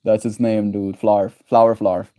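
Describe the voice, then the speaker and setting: A man's voice: lowish voice, level tone, moderate pace, dark tone, no echo. A man hosting his daily livestream, chatting affectionately with viewers in a rambling, playful way, giggling and tossing in silly made-up words. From Canada. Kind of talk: casual livestream chat with viewers.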